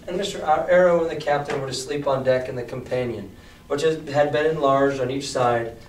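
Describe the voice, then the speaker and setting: A male teacher reading a novel aloud to his class and asking the students questions in an animated way. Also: fairly high pitch, slight background noise. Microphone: distant mic. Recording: echoey classroom, distant mic.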